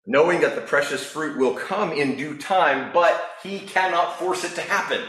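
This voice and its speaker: A man preaching a sermon as a pastor in a relaxed, conversational storytelling manner. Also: on the high side, roomy sound, low-quality recording.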